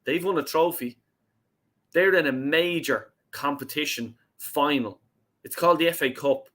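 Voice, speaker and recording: A man's voice: fairly high pitch, normal speed, fairly bright tone. A young Irish man hosting a fan call-in live stream, chatting casually, reading out chat messages and swearing freely. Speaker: host of a fan call-in show.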